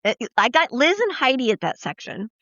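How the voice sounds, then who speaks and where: A woman hosting a podcast, telling profane, lively stories in casual chat and acting out the quoted lines. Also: sits high, fairly quick, dry recording. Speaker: podcast host. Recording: dull, dry lo-fi podcast audio.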